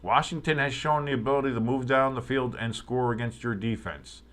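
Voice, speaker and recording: A man's voice: mid-range voice, fairly quick. A man giving casual, joking play-by-play commentary of a live game as a streamer, rising with the big plays and chatting to his viewers. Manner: excitable, joking, talks to chat.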